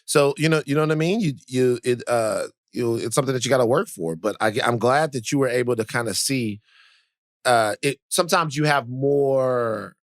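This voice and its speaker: A man's voice: medium pitch, moderate pace, dry recording, clean studio sound. Rambling male podcast co-host. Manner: rambling, many restarts and "you know"s. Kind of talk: casual podcast chat.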